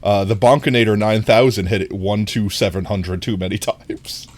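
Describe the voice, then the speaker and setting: A live streamer in casual gameplay chat, playful and giggly, often jumping into a squeaky high voice, talking into a desk microphone. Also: steady tone, moderate pace, a little mellow, dry recording.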